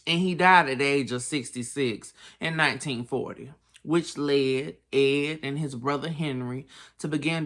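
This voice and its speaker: A woman's voice: extremely low pitch, a bit bright. A woman telling a true-crime story as a casual bedtime tale, with sassy, chatty asides. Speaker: storyteller host.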